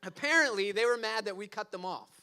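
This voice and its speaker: Bright-voiced high man preaching. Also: quick pace, smooth. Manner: animated storytelling, frequent "like" fillers. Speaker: pastor. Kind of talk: sermon with personal story.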